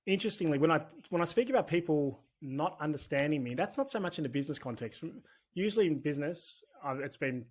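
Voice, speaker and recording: A man's voice: a little high, expressive, fast talker, a little mellow. Chatty Australian man, podcast guest. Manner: chatty and candid, rambling with restarts. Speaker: podcast guest, business owner. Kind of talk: casual conversational interview.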